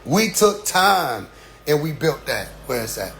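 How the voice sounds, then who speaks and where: A middle-aged man giving a casual, preachy spoken address to his followers, often asking "you see?" and dropping into quiet asides. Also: on the high side, sing-song, measured pace, gravelly, slight background noise. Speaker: community leader addressing followers.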